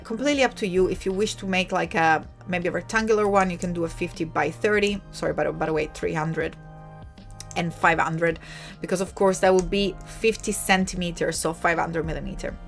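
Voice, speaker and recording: A young woman with an Italian accent, hosting a casual live design tutorial and chatting with viewers. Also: lowish voice. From Italy. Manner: chatty, lively, talks to viewers in chat. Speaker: livestream host.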